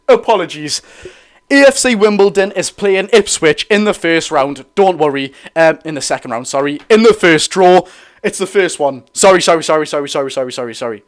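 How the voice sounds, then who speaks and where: A young Geordie man of eighteen hosts a live football watch-along from a room in his dad's house. His voice sits a little high, and he talks in an excitable, rambling way, apologising every few seconds. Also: moderate pace. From North East England. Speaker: football fan streamer.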